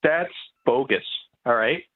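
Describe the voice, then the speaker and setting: A man's voice: mid-range voice, slow. A man calling into a talk show, rambling and stumbling over his words with constant "you know"s. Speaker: phone-in caller. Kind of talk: call-in talk show chat. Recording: tinny phone line.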